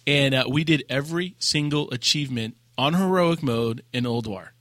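A man co-hosting a casual gaming podcast, telling a raid story with lively acted-out quotes and laughter. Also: mid-range voice, moderate pace, dry recording, clean studio sound. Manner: animated storyteller, acts out quotes. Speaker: podcast co-host.

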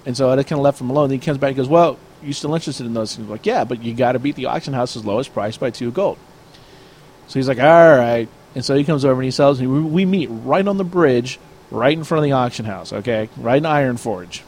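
A man's voice: medium pitch, fast talker, darkish tone, slight background noise. A man chatting casually, telling a long story and acting out both sides of an argument. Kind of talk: casual chat.

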